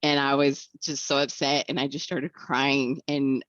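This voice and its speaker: Very low-voiced earnest woman. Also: flat delivery, measured pace, no echo, dull audio. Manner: reflective, earnest, acts out quoted voices. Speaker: guest. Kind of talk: candid personal recovery story.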